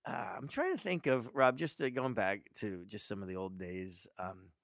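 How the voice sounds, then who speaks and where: A man's voice: on the low side, animated, moderate pace, a bit bright, dry recording, studio quality. A middle-aged man telling stories in a casual chat, rambling and laughing. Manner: rambling storyteller, laughs hard. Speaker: podcast guest.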